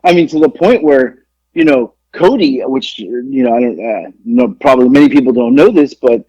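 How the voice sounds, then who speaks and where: A man's voice: medium pitch, animated, moderate pace, a little mellow, husky, no room sound. Rambling profane man on a dull mic. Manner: rambling, profane, restarts a lot. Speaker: podcast co-host. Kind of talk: casual storytelling chat. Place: home studio in Georgia. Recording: dull lo-fi dry sound.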